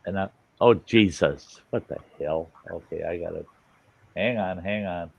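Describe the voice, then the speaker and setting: Deep-voiced man telling rambling stories. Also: a little slow, gravelly. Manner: rambling storyteller, salty, acts out quotes. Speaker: host. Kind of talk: casual livestream chat. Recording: dull lo-fi stream audio with faint hiss.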